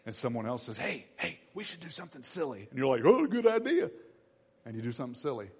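A male pastor preaches with a lively, swooping delivery, his voice slightly breathy. He speaks from the front of a church, and his words ring out with a long echo through the hall. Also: mid-range voice, fast. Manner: animated preaching, acts out voices of people. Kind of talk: sermon. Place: church sanctuary.

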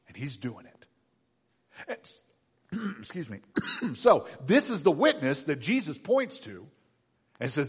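A middle-aged man preaching a conversational sermon as pastor, with soft asides and gentle quoted lines. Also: fairly high pitch, sing-song, slow, breathy edge. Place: church sanctuary. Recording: long hall reverb.

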